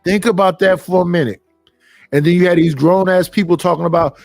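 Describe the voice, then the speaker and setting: A man's voice: sits high, steady tone, a little fast, darkish tone, dry recording, faint music behind. A middle-aged man, hosting a live stream and ranting bluntly and profanely, preaching at his listeners. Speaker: stream host. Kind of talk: casual live-stream rant.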